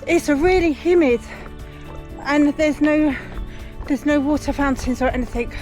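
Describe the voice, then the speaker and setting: High-voiced woman vlogging on a run. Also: a little slow, a little mellow, soft background music. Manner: upset, tearful, rambling. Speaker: running vlogger. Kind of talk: self-filmed vlog on a run. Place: outdoors on a humid run.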